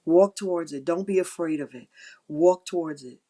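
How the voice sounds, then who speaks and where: Emotional middle-aged woman, low voice. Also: moderate pace, warm tone. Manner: heartfelt and encouraging, repeats key phrases; emotional, near tears. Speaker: livestream host. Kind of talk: inspirational faith talk on a live stream.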